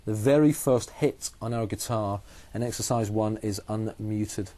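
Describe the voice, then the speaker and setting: A man's voice: on the low side, measured pace, dark tone. A man, a guitar teacher explaining technique patiently and methodically, often repeating key phrases.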